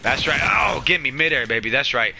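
A man streaming a shooter game live from home at night, talking into a headset mic. His voice is very bright and sharp, swinging between excited yelps and overwhelmed, emotional murmurs. A faint hiss sits under the audio. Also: mid-range voice, fairly quick, vocal fry. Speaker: gaming streamer. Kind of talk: live gameplay stream commentary.

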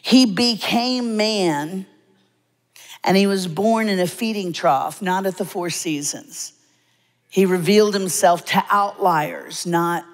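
A woman, preaching a humorous, lively sermon in a church sanctuary with dramatic pauses. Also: mid-range voice. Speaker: guest preacher. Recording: long hall reverb.

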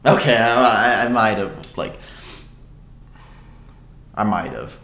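A man's voice: lowish voice, animated, slow pace, long pauses, a bit bright, echoey room, slight background noise. A man streaming live, reading chat and rambling with crude, swearing jokes. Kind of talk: casual livestream chat.

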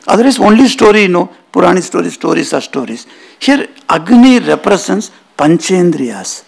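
Gravelly monk giving a lecture. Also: male voice, high-pitched. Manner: emphatic storytelling, weaving in Sanskrit terms. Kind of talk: spiritual lecture. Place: auditorium.

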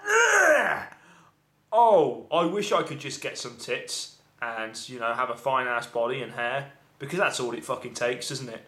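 A man's voice: mid-range voice, moderate pace, fairly bright tone. A man giving a rambling, profanity-laced film review, often exasperated. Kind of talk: casual ranting film review. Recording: echoey room.

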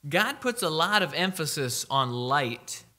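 A man preaching a sermon, emphatic, slowing down to read scripture aloud. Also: on the high side, very animated, bright, forceful tone.

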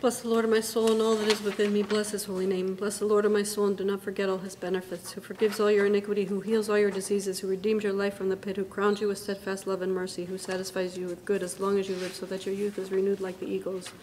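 A woman serving as liturgical reader, reciting psalms in a brisk, even manner at a church service. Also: mid-range voice. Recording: long church reverb with faint background noise.

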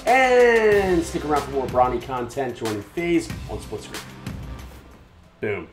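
Lively male streamer over music. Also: fairly high pitch, normal speed, echoey room. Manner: energetic, joking. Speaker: streamer host. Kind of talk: playful gaming chat.

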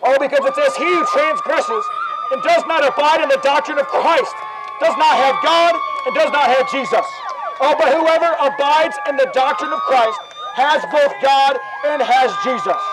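Man, very high voice, fervent street preacher, loud crowd and traffic behind. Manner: fervent, repetitive, quoting scripture. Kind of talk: open-air preaching. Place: outdoors on an urban street. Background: loud crowd and street noise.

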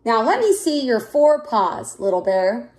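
Woman playing storybook mother bear, gentle, patient, instructive, high voice. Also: big pitch swings, measured pace. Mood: warm. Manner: kindly, instructive.

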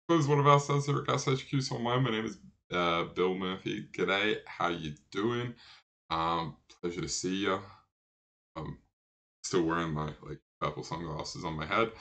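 Chatty man, low bright voice. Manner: chatty, rambling, many fillers and restarts. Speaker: sudoku channel host. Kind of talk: casual puzzle walkthrough.

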